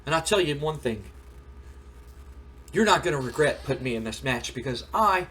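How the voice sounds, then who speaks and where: A man's voice: medium pitch, expressive, moderate pace, bright, forceful tone, slight background noise. A man doing an impression of a confident male wrestler declaring he will beat everyone. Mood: proud. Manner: self-assured, proud declaring.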